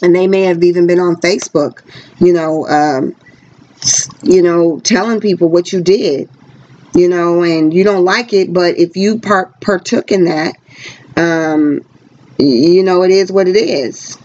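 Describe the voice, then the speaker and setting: A woman giving a casual tarot reading, talking in a rambling, chatty way with quick pressured speech and a blunt, frank manner. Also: fairly low pitch, darkish tone. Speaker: tarot card reader. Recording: dull lo-fi recording.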